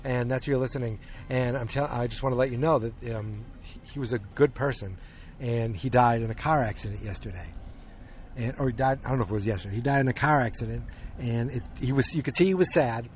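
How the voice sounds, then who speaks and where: A man of middle pitch retells a film scene by scene in loose, rambling podcast chat. He stumbles through restarts and fillers and slips into quick acted-out lines. A faint hiss sits under the voice. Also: a little mellow. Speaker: podcast host. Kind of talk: casual movie review chat.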